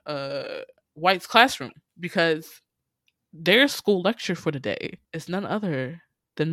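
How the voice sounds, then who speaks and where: Brief: lively recap host, bright tone, close dry mic, swears and acts out dialogue. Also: medium pitch, no echo. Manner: animated retelling, acts out characters' lines, frequent laughs and swearing. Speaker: podcast host. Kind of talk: casual recap chat.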